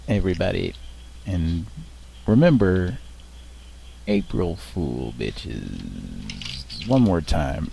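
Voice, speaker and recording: Slow, gravelly man hosting a livestream. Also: low voice, darkish tone. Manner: laid-back, joking, trails off with fillers. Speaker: livestream host. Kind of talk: casual chat.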